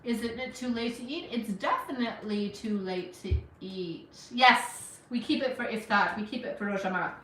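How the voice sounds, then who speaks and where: Her fairly high, slightly bright voice runs at normal speed with hardly any pauses as this middle-aged Afghan woman, with no accent, cooks and chats encouragingly to livestream viewers in her home kitchen. Allergies make her sniffle a little. An echoey room, far-off mic and slight background noise color the sound.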